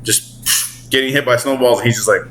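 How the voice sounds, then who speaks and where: A man in his forties giving excitable, slangy gaming commentary at home, swearing and acting out character voices. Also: medium pitch, normal speed, slight background noise, rough recording. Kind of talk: casual commentary. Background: clothes dryer running.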